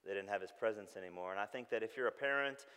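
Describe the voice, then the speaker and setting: Animated pastor in a reverberant hall. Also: male voice, on the low side, racing, smooth. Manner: animated storytelling, shouting when acting out calls; drops to a soft, hushed tone when reflective. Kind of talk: sermon.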